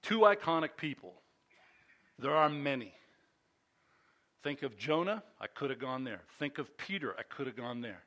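An older man preaching a sermon, telling a personal story in an animated, chatty and self-mocking way, with fillers and restarts. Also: mid-range voice, moderate pace, pauses often. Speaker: pastor.

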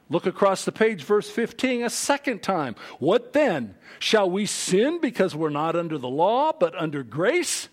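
A pastor preaching to his congregation in a high, light voice. He is emphatic and animated, jumping into voices for the people he quotes and leaning hard on key words. He leaves pauses between his phrases. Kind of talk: sermon.

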